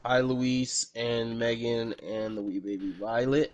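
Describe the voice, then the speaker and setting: A man's voice: medium pitch, fairly even intonation, measured pace, muffled recording. A man hosting a casual podcast, rambling and correcting himself, swearing freely. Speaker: podcast host.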